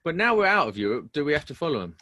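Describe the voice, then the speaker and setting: A man's voice: on the high side, sing-song, rapid-fire, bright, forceful tone. A man who jokes and teases in a casual podcast chat. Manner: joking, teasing.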